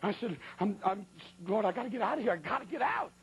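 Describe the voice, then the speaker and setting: A man preaching a sermon, telling a comic story with folksy, animated, exaggerated delivery. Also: high voice, fast, low-quality recording.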